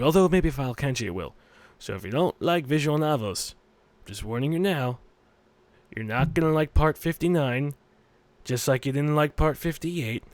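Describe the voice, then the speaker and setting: A man's voice: mid-range voice, no echo. A young man hosting a gaming video, reading a visual novel aloud with rambling, profane, joking asides. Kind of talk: let's play commentary reading a visual novel.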